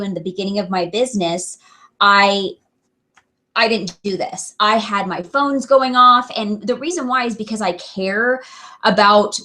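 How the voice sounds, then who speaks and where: A woman's voice: medium pitch, a bit bright. A young adult woman giving an earnest, chatty motivational talk to her sales team, full of fillers and restarts. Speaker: direct sales team leader.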